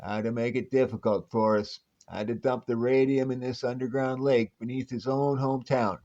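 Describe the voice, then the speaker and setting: A man voicing a greedy, blunt male crook with rough tough-guy talk, on a dull lo-fi recording. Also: medium pitch, steady tone, moderate pace, mellow, lightly acted. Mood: grumbling.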